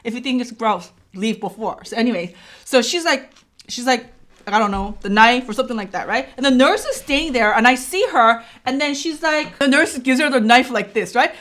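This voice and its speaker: Animated woman telling a story. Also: fairly high pitch. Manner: animated, acts out dialogue, keeps asking "right?". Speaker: vlogger. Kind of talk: casual storytelling.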